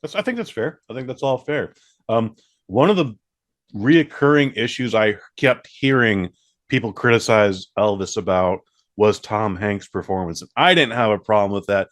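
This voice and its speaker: A man's voice: lowish voice, moderate pace, dry recording, studio quality. A man co-hosting a podcast, chatting casually about movies and swearing now and then. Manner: relaxed, swears casually, acts out quoted reactions. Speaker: podcast co-host. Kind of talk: casual movie review chat.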